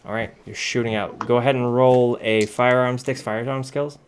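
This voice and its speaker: A man narrating a tabletop game as game master, relaxed and matter-of-fact, with frequent ums. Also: mid-range voice, normal speed, a little hiss or hum.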